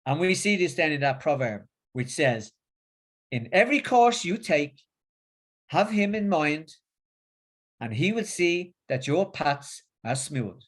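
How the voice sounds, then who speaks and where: Northern English man, middle-aged, slightly high voice, halting delivery with many restarts; religious talk. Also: very animated. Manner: halting, with many repeats and fillers. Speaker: religious speaker. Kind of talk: religious talk and casual chat.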